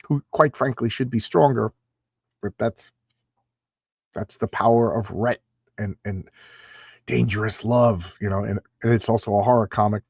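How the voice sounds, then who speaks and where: A man's voice: medium pitch, a little mellow, no echo, dull audio. A man hosting a casual livestream comic review from a room at home, talking in an emphatic, chatty way with frequent restarts. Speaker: comic book channel host.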